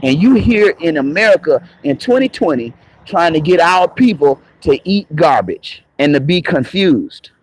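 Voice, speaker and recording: Raspy, slightly high-pitched man; streamer ranting with a combative, mocking, foul-mouthed edge. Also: sing-song, moderate pace, few pauses, rough recording. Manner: confrontational, profane, mocking. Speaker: online commentator. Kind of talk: live-streamed rant. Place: moving around on the go, patchy signal.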